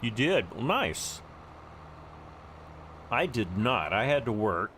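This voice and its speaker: A man with a mid-range voice hosts a relaxed gameplay livestream, greeting viewers by name as he plays. A faint hum sits under his desk-mic recording. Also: medium pitch, slow pace. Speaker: livestream host. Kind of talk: casual gameplay livestream chat.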